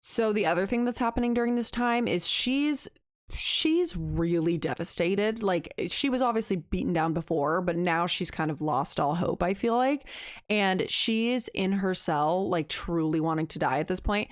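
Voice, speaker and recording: A young woman co-hosting a podcast, casually retelling a book's plot in an animated way. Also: fairly low pitch, moderate pace, dry recording, clean studio sound. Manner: animated retelling with acted quotes. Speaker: podcast co-host. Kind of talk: casual book recap chat.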